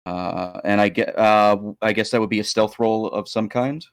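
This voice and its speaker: Low voice dude playing the game, hesitant, laughs at himself, dry mic. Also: male voice, fairly even intonation, moderate pace, clear, resonant tone, dry recording. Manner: self-deprecating, hesitant, laughs at his own slips. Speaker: player. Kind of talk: casual game chat.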